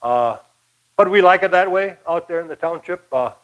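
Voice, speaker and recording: A man's voice: high-pitched, lively intonation, normal speed, fairly bright tone, highs cut off. An older man from Michigan giving a casual, rambling local history talk, folksy with many fillers. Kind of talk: casual lecture.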